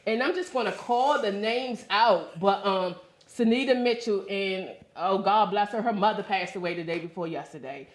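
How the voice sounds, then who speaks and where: Expressive woman telling a story, roomy sound. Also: mid-range voice, normal speed. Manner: expressive, animated retelling with acted-out quotes. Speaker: talk show co-host. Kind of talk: casual storytelling. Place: talk show studio.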